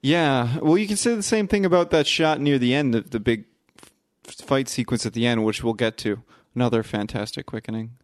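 A man's voice: medium pitch, brisk, dry recording. A man hosting a casual movie-review podcast, joking and swearing freely as he rambles through digressions.

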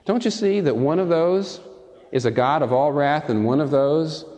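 A man's voice: on the high side, moderate pace, darkish tone. A man preaching a sermon, emphatic and given to repeating key words for stress. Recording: long hall reverb.

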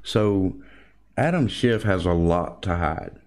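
Man, political commentary monologue, deep-ish voice, slow delivery, emphatic, folksy address. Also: animated, a little mellow.

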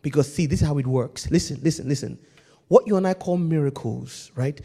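A man preaching a sermon, swinging between hushed intensity and shouting. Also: a little high, a little fast, gravelly, husky, long reverb tail.

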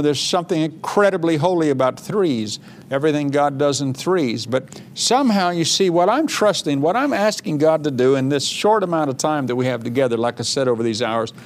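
Emphatic male preacher, higher voice. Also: slight background noise. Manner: emphatic, rising on scripture quotes, chatty asides. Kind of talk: sermon teaching.

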